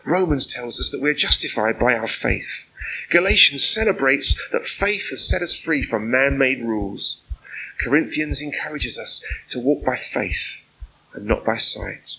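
A man's voice: mid-range voice, lively intonation, unhurried, vocal fry, bright, forceful tone, slight background noise, poor audio. A man preaching an informal sermon, chatty and earnest, often asking the listeners rhetorical questions. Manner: conversational, full of rhetorical questions; personal and earnest.

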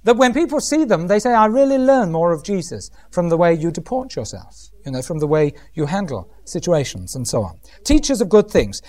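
A man's voice: high-pitched, very animated, a little fast, few pauses, darkish tone. A middle-aged man preaching a humorous sermon, often mimicking other voices.

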